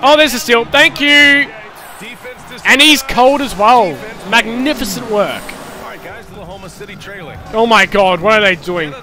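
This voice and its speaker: A man commentating his own basketball video game, cheering plays loudly and chatting casually to viewers. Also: extremely high pitch, lively intonation, takes it slowly, long pauses. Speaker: gaming YouTuber. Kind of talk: live gameplay commentary.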